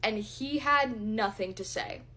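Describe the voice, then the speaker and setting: A woman's voice: a little high, a little slow, sharp tone. Young woman telling a blunt storytime. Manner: candid, blunt storytelling with swearing. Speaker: vlogger. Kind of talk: storytime while doing makeup.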